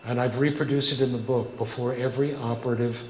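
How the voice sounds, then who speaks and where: A man's voice: mid-range voice, steady tone, fast talker, a little mellow, roomy sound, slight background noise, poor audio. An older man, a cabaret singer-songwriter, telling a wry, conversational anecdote between songs at a live venue.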